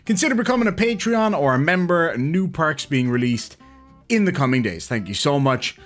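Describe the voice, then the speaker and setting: A man's voice: on the high side, very animated, normal speed, fairly bright tone, soft background music. A man hosting a reaction video, giving sarcastic, mocking comedic commentary.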